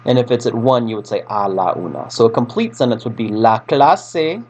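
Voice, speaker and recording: A male teacher walks through a recorded lesson in a relaxed, chatty way. His pitch jumps around a lot, and he often backtracks and fills pauses with ums. His voice sits at an ordinary pitch for a man. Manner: casual, chatty, with fillers and self-corrections. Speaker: Spanish teacher. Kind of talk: recorded lesson explaining slides.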